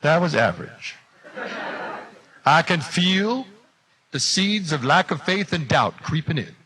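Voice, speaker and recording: A man putting on the voice of a fervent male revival preacher, calling out slow, drawn-out exhortations to a classroom. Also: on the high side, big pitch swings, pushed and bright, voice pushed up, heavily acted. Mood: exhorting. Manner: drawn-out, exhorting calls to believe.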